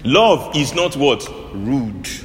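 A man preaching with a very lively, rising and falling pitch. He keeps asking his listeners questions and pausing for their replies. His voice rings with the long reverb of a church hall, and a faint ambience sits underneath. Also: slight background noise. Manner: animated call-and-response preaching. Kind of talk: sermon.

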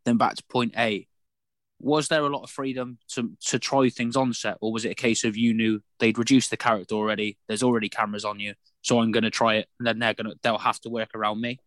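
A man's voice: fairly low pitch, level tone, fast talker, a bit bright, no room sound. A man interviewing a guest, asking long, rambling questions with restarts.

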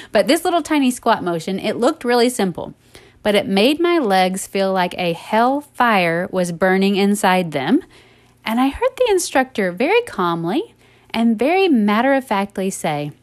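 A woman hosting a podcast, talking casually and earnestly to her listeners, often laughing, then turning encouraging. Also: medium pitch. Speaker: podcast host and coach. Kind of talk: casual monologue.

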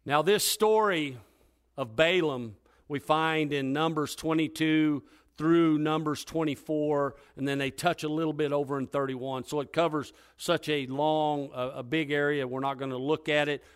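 A male preacher retelling a scripture story in a lively, dramatic sermon style. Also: fairly high pitch, moderate pace, smooth. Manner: lively, dramatic retelling with wide swings in loudness.

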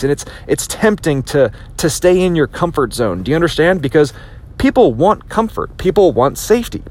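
A man delivers a motivational podcast talk, his fairly high voice swooping widely as he pushes his point. He stumbles into restarts and repeats words, then jumps into acted-out quotes. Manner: animated, repetitive restarts, acts out quotes. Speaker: podcast host.

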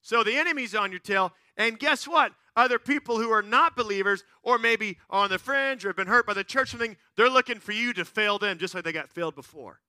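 A man preaching a sermon in an animated way, swinging from loud excited bursts to quiet earnest stretches and playfully acting out the people he quotes. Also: sits high, brisk, few pauses, dry recording, clean studio sound. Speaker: pastor.

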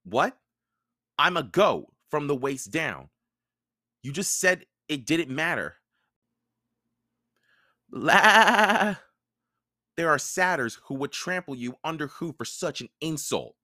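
A man voicing a nervous, touchy young male satyr with a high, hesitant voice. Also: animated, a little slow, pushed and bright, no room sound, clean studio sound, heavily acted. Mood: indignant.

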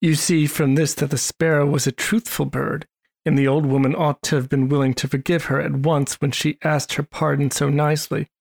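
Gravelly-voiced storybook narrator. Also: medium pitch. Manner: measured, expressive read-aloud. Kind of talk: storybook reading.

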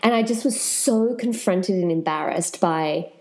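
A woman's voice: fairly low pitch, unhurried. A woman guest telling her personal story frankly and with animation in an interview. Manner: frank, animated, swears casually.

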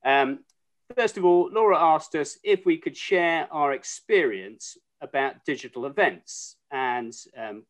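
A man's voice: fairly high pitch, fairly bright tone. A man hosting a casual video-call chat, joking with his guests as he introduces them. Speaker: host.

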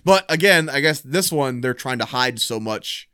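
Man, profane joking chat, smooth tone, dry recording. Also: medium pitch, animated, bright, forceful tone, no room sound. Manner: profane, joking, drawn-out musing. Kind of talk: casual chat about horror films.

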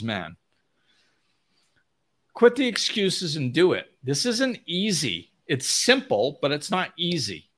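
Man, spiritual teacher, blunt straight talk, emphatic, mid-pitched voice, does whiny impressions. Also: very animated, measured pace. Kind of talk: unscripted motivational talk to an audience.

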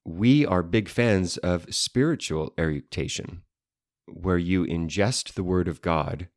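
A man's voice: low voice, slow pace, a little mellow, no echo, clean studio sound. A man co-hosting a casual chat show, playful and fond of fancy learned words. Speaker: podcast co-host.

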